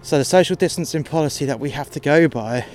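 A man's voice: fairly high pitch, fast, darkish tone, faint music behind. A man telling a story about his job in a blunt, sweary and exasperated way. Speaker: podcast host telling work stories. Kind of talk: casual storytelling monologue.

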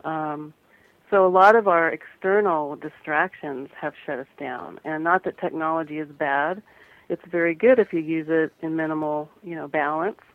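A woman from the American Midwest, a guest photographer and author, speaking earnestly and gently with some restarts in a radio interview. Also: sits low, moderate pace, dry recording. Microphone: phone. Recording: tinny phone line.

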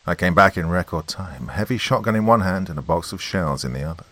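A man's voice: sits low, lively intonation, a little fast, a bit bright, dry recording. A man narrating a first-person horror story with a tense, dramatic reading.

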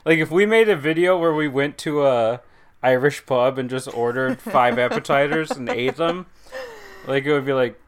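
A man's voice: mid-range voice, normal speed, smooth. A man co-hosting a podcast, telling rambling, jokey stories in casual chat. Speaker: podcast co-host.

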